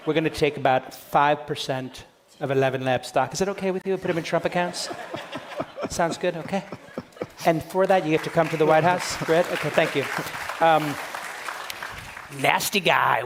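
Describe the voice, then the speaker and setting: A man's voice: fairly high pitch, moderate pace, creaky, crowd noise, noisy background. A man impersonating a brash, boastful president on a live conference stage, in short punchy phrases and a mock-serious tone. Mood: blustering.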